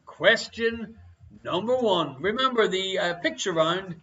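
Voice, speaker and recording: A man's voice: sits high, expressive, unhurried, sharp tone, dull audio. An Irish man hosting a live-streamed quiz, reading out answers and teasing viewers with jokey banter. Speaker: quiz show host.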